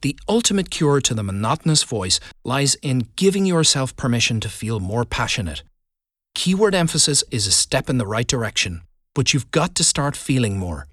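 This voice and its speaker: A man who coaches public speaking, giving a scripted lesson with deliberate stress on key words. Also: mid-range voice, very animated, a bit bright, dry recording, studio quality. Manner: deliberate, emphatic delivery with stressed keywords. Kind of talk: scripted instructional narration.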